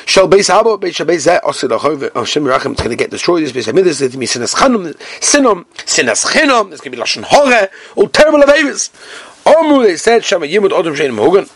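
English male Talmud teacher, animated chanting delivery, dry close sound, slightly high voice. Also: quick pace, husky, dry recording. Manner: acts out quoted speakers in sing-song chant; mixes Hebrew and Yiddish terms into English. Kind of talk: Talmud class, reading and translating.

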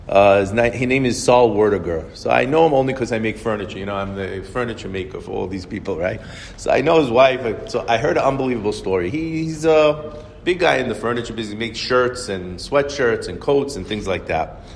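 A man telling anecdotes to an audience in a rambling, conversational way, with frequent restarts. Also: medium pitch. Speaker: speaker telling stories to an audience. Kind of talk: anecdotal storytelling talk. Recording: echoey hall, faint noise.

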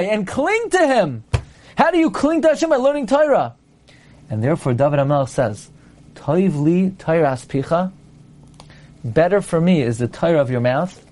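A man teaching a Torah lecture, emphatic, asking his listeners rhetorical questions and quoting Hebrew and Aramaic texts before translating them. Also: very high-pitched.

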